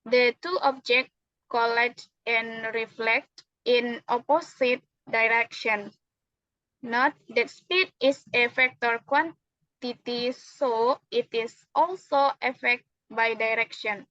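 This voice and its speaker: A woman's voice: a little high, steady tone, slow, a bit bright, dry recording. A young woman with an Indonesian accent explaining physics formulas carefully in a classroom manner, with frequent hesitations. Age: young adult. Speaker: university student acting as physics teacher. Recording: dry, dull lo-fi sound.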